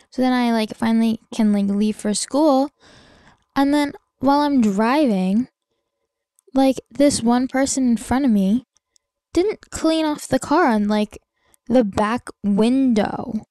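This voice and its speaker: A woman's voice: fairly high pitch, a little mellow, dry recording, studio quality. A young woman hosting a podcast alone, rambling in casual chat, full of "like" fillers and swearing. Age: young adult. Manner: rambling, heavy "like" filler, swears freely, exasperated. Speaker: podcast host.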